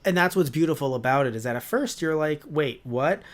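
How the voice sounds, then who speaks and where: A man's voice: fairly high pitch, animated, fast talker. A man co-hosting a casual review podcast, rambling with many restarts. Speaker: podcast co-host.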